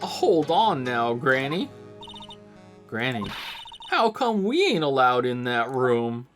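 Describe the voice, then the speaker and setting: A man voicing a brash, excitable female paranormal photographer with a put-on Southern drawl. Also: mid-range voice, slow pace, soft background music. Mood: indignant. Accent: put-on American Southern drawl. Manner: loud, folksy, excitable.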